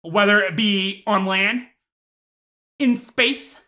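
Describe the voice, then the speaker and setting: A man doing a comedic rant to camera, mock-outraged with deadpan asides, sighs and laughs. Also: high-pitched, takes it slowly. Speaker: YouTuber.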